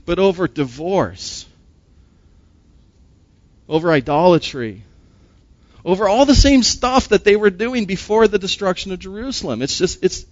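A man's voice: high-pitched, no echo, lo-fi sound. A man preaching a sermon as a pastor. He speaks emphatically, asks rhetorical questions and often repeats words.

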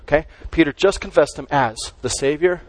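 A man's voice: a little high, fairly quick, poor audio. A man preaching a sermon as pastor, stressing and repeating key words as he teaches.

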